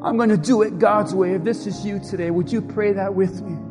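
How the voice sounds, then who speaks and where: A man's voice: high voice, steady tone, a little fast. A man preaching as a pastor, giving an impassioned altar-call sermon with a repetitive preaching cadence and leading the congregation in prayer. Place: church sanctuary. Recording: long hall reverb, faint music.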